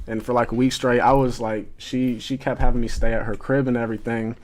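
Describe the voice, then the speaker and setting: A man's voice: mid-range voice, little pitch movement, a little fast, a little mellow. A young man, a podcast guest telling stories in laid-back casual chat. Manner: laid-back storytelling, frequent swearing.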